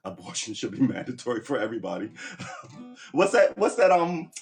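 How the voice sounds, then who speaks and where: A man's voice: mid-range voice, big pitch swings, quick pace, vocal fry, faint music behind. A man hosting a livestream, talking through his opinions in a rambling, blunt way with frequent restarts and swearing. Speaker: livestream host. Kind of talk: casual opinion monologue.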